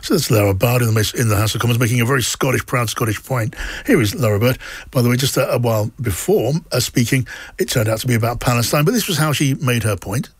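A man's voice: medium pitch, fast talker, husky, no echo. A man from South London hosting a radio panel discussion, chatty and wry, with frequent restarts. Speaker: radio show host.

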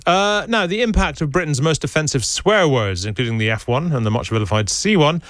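A man presenting on radio, interviewing guests with brisk, conversational questions. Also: fairly high pitch, animated, fairly bright tone, no echo.

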